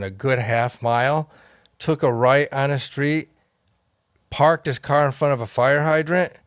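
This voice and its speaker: Gravelly man rambling through a story. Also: mid-range voice, no echo, studio quality. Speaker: comedian, podcast co-host. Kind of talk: casual storytelling chat.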